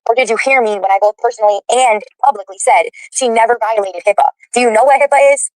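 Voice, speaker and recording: Fast-talking angry woman. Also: a little high, dry recording. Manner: fast, profane, indignant. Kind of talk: angry recorded rant.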